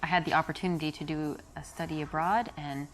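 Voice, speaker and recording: A woman's voice: deep voice, steady tone, fast, a little hiss or hum, lightly acted, poor audio. An actress with an American accent playing a woman answering questions on a date in a video game. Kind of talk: acted conversation in a video game.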